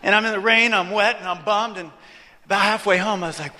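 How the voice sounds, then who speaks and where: Male preacher, storytelling sermon; high, bright, animated delivery; reverberant church hall. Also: moderate pace. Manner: animated, joking with the audience. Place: church hall, before an audience.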